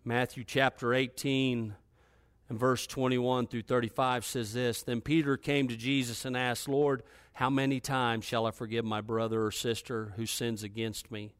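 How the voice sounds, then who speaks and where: A pastor preaching a sermon in a man's mid-range voice, recorded dry and close. He reads scripture at a steady pace, and his pitch climbs when he presses a point on his listeners. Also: normal speed, clean tone, no room sound. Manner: emphatic, rises in pitch when exhorting.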